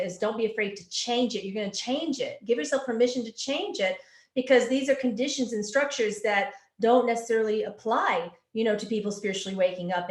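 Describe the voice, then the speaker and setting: A woman working as a psychic medium, relaying channeled answers in a flowing, earnest way and repeating words for emphasis. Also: mid-range voice. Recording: echoey room.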